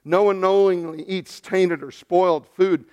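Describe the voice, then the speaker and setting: A male pastor preaching a sermon to his congregation in a conversational style, dropping to hushed tones and then rising loud and emphatic. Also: sits high, steady tone, unhurried, smooth, muffled recording.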